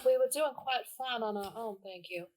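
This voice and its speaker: A woman's voice: a little high, moderate pace, a little mellow. A woman playing a tabletop game, speaking in character with a giggly, prim manner. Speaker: player.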